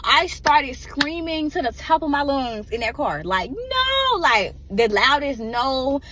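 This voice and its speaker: A woman's voice: fairly high pitch, fairly bright tone, slight background noise. A woman emotionally telling a personal story in a casual, rambling way and often addressing her listeners directly.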